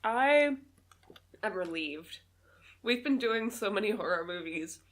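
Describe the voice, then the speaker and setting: A woman's voice: mid-range voice, animated, a little slow. A woman co-hosting a casual comedy podcast, giggly and easygoing. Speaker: podcast co-host.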